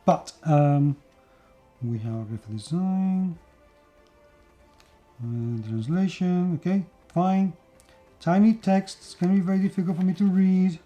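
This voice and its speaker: In a casual board game unboxing, a Spanish-accented man from Spain talks enthusiastically, with lots of fillers and restarts. His high, warm voice moves slowly with frequent pauses, over soft background music on dull-sounding audio.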